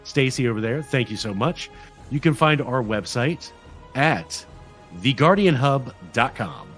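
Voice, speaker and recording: A man's voice: mid-range voice, measured pace, faint music behind. A man hosting a casual gaming podcast, chatting loosely and laughing often. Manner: laughs often, relaxed rambling. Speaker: podcast host.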